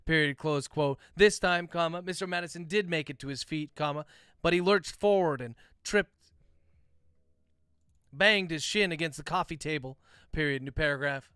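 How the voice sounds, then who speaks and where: A man dictating his own novel aloud on a livestream, calling out each comma and period as he goes. His voice sits somewhat high and sounds crisp and smooth. The room is dry and close. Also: moderate pace, dry recording. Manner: dictates prose aloud, speaking punctuation marks; relaxed, chatty asides to viewers. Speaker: author.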